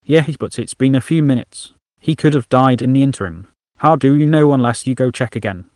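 A man's voice: mid-range voice, a little fast, no echo, clean studio sound, natural voice. A man voicing a nagging, anxious inner critic woman. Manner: sharp, worried, nagging.

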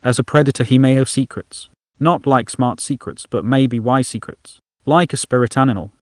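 A man's voice: mid-range voice, normal speed, no echo, studio quality, natural voice. A man voicing an odd, whimsical inner voice in a storybook narration, curious and offbeat. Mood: musing. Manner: musing, offbeat.

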